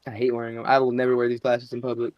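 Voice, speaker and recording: A man joking around in a casual gaming chat, crude and quick with banter. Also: mid-range voice, completely flat delivery, dry recording, lo-fi sound.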